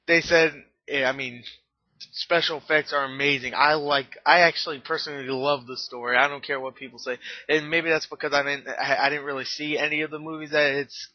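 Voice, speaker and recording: A man's voice: a little high, steady tone, fast talker, dry recording. A young man casually ranking his favorite movies, rambling with lots of fillers and the odd swear word. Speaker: movie reviewer. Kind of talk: casual top-movies countdown vlog. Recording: dull lo-fi sound, dry.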